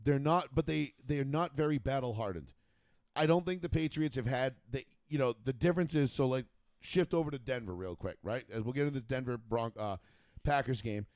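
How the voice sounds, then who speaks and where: A man's voice: mid-range voice, a little fast, no echo. A man talking football in a loose, rambling way, cursing freely and circling back on his own sentences. His voice sits mid-range and sounds close and dry on the mic, with no room around it. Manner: rambling, profane, restarts often, animated when riled. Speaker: podcast co-host. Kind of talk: casual sports talk.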